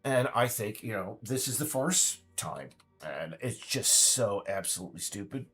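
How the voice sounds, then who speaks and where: A man's voice: fairly low pitch, animated, a little slow, a bit bright, slightly rough, faint music behind. A man giving a ranting political monologue, stammering and restarting, now and then mocking others in put-on voices.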